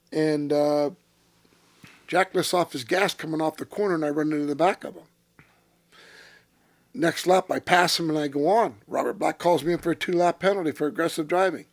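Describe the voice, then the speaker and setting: A man in his sixties, a former racing driver as interview guest, telling blunt, profane stories that flare into shouting. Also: a little high, moderate pace, creaky, pauses often. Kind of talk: storytelling in a casual interview.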